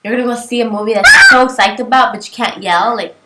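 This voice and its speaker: A woman co-hosting a home-made variety show, chatting casually and excitably, full of "like"s, acting out the shouts she heard. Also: fairly high pitch, fast talker, heavy background noise. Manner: excitable, many "like"s, acts out shouts. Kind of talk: casual chat. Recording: echoey room with music behind.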